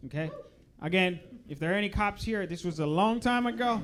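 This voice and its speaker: Young man, fairly high voice, stand-up comic, chatty and playful. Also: lively intonation, fairly quick, crowd noise, background noise. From Uganda. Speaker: stand-up comedian. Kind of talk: stand-up comedy set. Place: comedy club stage.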